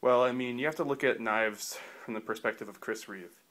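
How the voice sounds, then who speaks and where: A man's voice: medium pitch, brisk, fairly bright tone. A man giving a casual knife review in a rambling way, full of fillers and restarts, with dry offhand humor.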